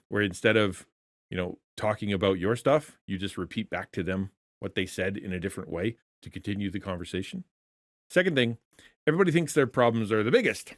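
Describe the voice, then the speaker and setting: A man's voice: medium pitch, dry recording, clean studio sound. A man coaching content creators in a conversational teaching session, earnest in tone, often restarting words and asking rhetorical questions.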